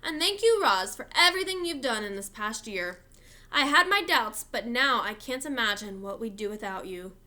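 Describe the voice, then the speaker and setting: A kindly, hearty farmer father, as a woman reading a storybook puts him on. His voice is bright and lively, calling out to the family in a friendly, carrying way. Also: a little high, normal speed.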